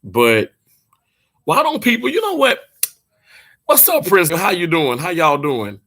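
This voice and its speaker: A man from Mississippi, a little hoarse, chatting casually and playfully with livestream viewers from a hotel room, laughing often and drawing words out. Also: high-pitched, sing-song, measured pace, fairly bright tone. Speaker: livestream host.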